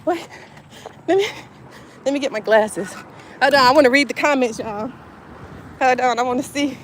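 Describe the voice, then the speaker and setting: A woman's voice: sits high, moderate pace, pauses often. A woman in her fifties with a Southern US accent, hosting a casual motivational livestream outdoors on a phone and talking straight to her viewers, repeating herself as she goes. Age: 50s. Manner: chatty, repeats herself, addresses viewers directly. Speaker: channel host. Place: outdoors on a narrow sidewalk by a road. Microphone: phone propped up. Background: faint passing traffic.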